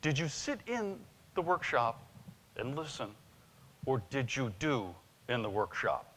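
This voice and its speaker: A man's voice: mid-range voice, big pitch swings, measured pace, a bit bright. A man doing a blunt Japanese mentor. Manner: terse broken phrasing, blunt. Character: blunt Japanese male friend and sales mentor. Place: conference hall. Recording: long reverb of a conference hall.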